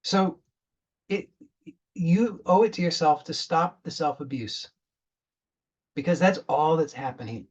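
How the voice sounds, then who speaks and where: Husky guy doing an earnest spiritual coaching talk, keeps repeating himself, kinda muffled audio. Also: on the high side, unhurried, long pauses, a little mellow. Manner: earnest, repeats words and restarts while telling a parable.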